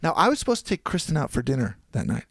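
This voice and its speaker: A man's voice: a little high, rapid-fire, creaky, husky, no room sound, clean studio sound. A young man casually telling a long story on a podcast, acting out the people he quotes. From New Jersey. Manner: animated, acts out quoted people. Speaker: podcast guest.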